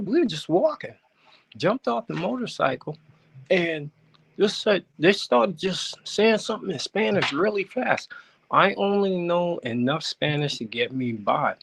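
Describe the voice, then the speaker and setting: A man from the United States calling in to tell an animated story, his voice jumping up high whenever he quotes himself. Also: creaky, rough recording. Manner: animated, rising sharply when quoting himself. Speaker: caller. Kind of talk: storytelling on a call-in show. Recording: connection breaking up.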